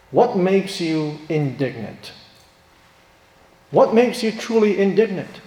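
A man's voice: on the high side, creaky, mellow. A man preaching a sermon with emphasis and rhetorical questions. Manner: emphatic, rhetorical questions, acts out quoted voices. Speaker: pastor. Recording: roomy hall with long reverb.

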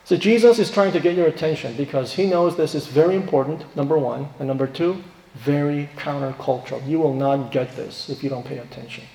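A man preaching a sermon, asking rhetorical questions and stressing key points, then dropping to quiet asides. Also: a little high. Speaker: pastor. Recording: echoey hall reverb.

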